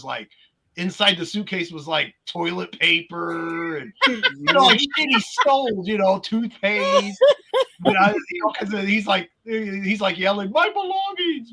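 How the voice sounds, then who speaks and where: Animated high-voiced man telling stories. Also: poor audio. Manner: animated storyteller, laughs often, swears. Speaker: host. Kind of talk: casual chat.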